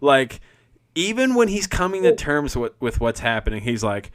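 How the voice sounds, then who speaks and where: A young man co-hosting a podcast, chatting casually and excitedly about a movie, swearing, laughing and acting out lines. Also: medium pitch, normal speed. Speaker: podcast co-host.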